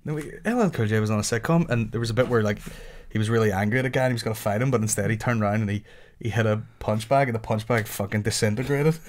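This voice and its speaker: A man's voice: on the low side, very fast. Guy hosting a podcast, crude jokey banter, rambles through stories. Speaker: podcast host. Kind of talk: casual chat.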